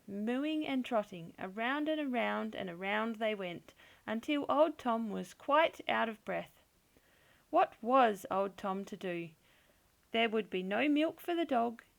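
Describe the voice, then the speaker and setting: A woman reading a children's picture book aloud in a slow, gentle, expressive storytelling manner. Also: fairly high pitch, creaky. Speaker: storybook reader.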